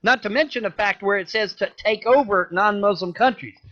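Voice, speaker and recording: A man delivering an angry, profane rant, cursing loudly and repeating himself. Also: high voice, a little fast, a little hiss or hum. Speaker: ranting video creator. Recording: dull lo-fi audio.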